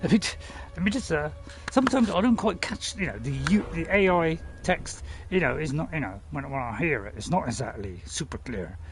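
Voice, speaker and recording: Man, playful game commentary, rambling with fillers, gravelly voice, bouncy pitch. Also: animated, a little fast, over music. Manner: chatty and playful, rambling with fillers and self-mocking laughs. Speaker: game streamer. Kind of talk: casual gameplay commentary.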